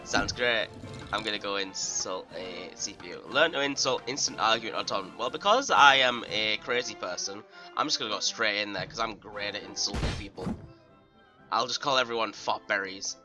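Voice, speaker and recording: A young man giving casual, excitable let's play commentary, swearing and giggling often. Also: fairly low pitch, a little fast. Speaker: gaming YouTuber. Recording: game music under voice.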